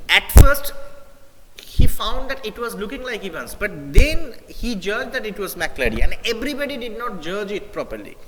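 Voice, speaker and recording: A man's voice: high-pitched, big-room sound, noisy background. A male teacher with an Indian English accent who reads a story aloud during a live class, then explains it, often repeating himself and using fillers. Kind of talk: live English literature lesson.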